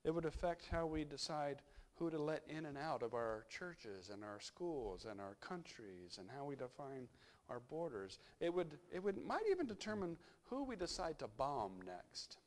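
A male pastor giving a conversational sermon, reflective and unhurried, thinking aloud as he goes. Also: fairly high pitch, big pitch swings, a little mellow.

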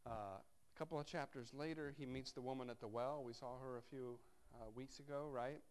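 A man's voice: mid-range voice, steady tone, normal speed, darkish tone, clear, resonant tone. A man preaching a sermon, reading scripture aloud and breaking off into wry, conversational asides to his congregation. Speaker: pastor.

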